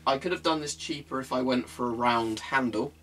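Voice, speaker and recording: A man's voice: mid-range voice, a little fast, a bit bright, a little hiss or hum. A man casually showing off and explaining a homemade weapon in a rambling, chatty way, with plenty of ums, indoors at home. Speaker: hobbyist weapon maker. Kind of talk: casual show-and-tell vlog. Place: indoors at home, low-ceilinged room.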